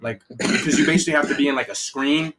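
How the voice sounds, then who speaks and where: A man's voice: medium pitch, fast talker, a bit bright. A young man telling a story on a casual podcast, rambling and profane, with lots of filler words and restarts. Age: young adult.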